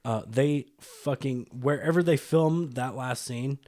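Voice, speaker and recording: A man co-hosting a casual movie review podcast, relaxed and blunt, swearing and repeating words. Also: mid-range voice, measured pace. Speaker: podcast co-host. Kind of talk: casual film review chat.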